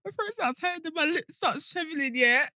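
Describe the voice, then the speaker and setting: A woman's voice: high voice, lively intonation, fairly quick, pushed and bright. A young woman co-hosting a podcast, talking bluntly and wryly, swearing freely. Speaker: podcast co-host. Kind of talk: casual chat.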